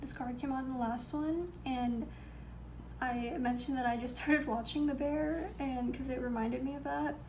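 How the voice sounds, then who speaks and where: Speaking at normal speed in a high, steady voice with a darkish tone and vocal fry, a young tarot reader leads a casual pick-a-card session. The low-quality recording has slight background noise, and she comes across as chatty and upbeat, with lots of ums and small laughs.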